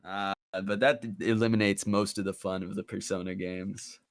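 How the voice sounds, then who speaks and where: A man co-hosting a podcast in casual chat, relaxed and easygoing, laughing easily. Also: lowish voice, normal speed, gravelly, dry recording, clean studio sound. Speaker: podcast co-host.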